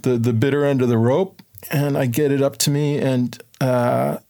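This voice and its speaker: A man's voice: mid-range voice, moderate pace, gravelly. A man telling an adventure story in a loose, chatty way, acting out what people said in a raised voice. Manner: animated, acts out quotes in a raised voice; loose and chatty, many fillers like "kind of" and "like". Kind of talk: casual spoken storytelling.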